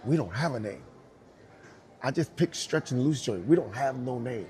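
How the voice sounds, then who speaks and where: A middle-aged man, a dancer telling a lively story and acting out the voices of the people in it. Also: medium pitch, moderate pace. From Brooklyn, New York. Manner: acts out both sides of dialogue, laughing often. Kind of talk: animated storytelling.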